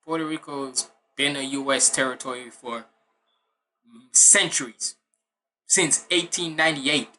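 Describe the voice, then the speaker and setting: A man with Jamaican roots talks straight into his reaction video in a bright, forceful voice. He is blunt and opinionated and drifts into swearing rants. His delivery stays casual and unscripted. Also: medium pitch, a little slow, pauses often. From Jamaican heritage. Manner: blunt, ranting, swears freely. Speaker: music reaction host.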